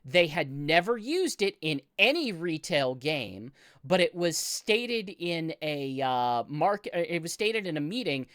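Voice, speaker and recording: Heated, outspoken woman with an animated voice. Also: sits low, a little slow, few pauses, no room sound, clean studio sound. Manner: heated, blunt, swears, talks over others. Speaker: podcast co-host, games writer. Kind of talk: casual chat.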